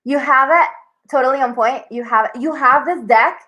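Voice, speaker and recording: A woman's voice: high-pitched, moderate pace, pushed and bright, rough recording. A young woman hosting a live tarot stream, chatting casually with viewers in a bubbly, scattered way and saying "y'all" a lot.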